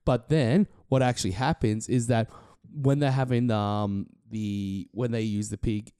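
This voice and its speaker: A man's voice: on the low side, steady tone, measured pace, dark tone, smooth, no echo, clean studio sound. A man co-hosting a casual podcast, retelling a film loosely and swearing freely. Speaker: podcast co-host.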